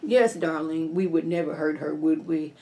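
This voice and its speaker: A woman voicing a fake-sweet scheming man who speaks in a soft, low, falsely reassuring way. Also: normal speed, rough recording. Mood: falsely soothing. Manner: overly polite, falsely reassuring.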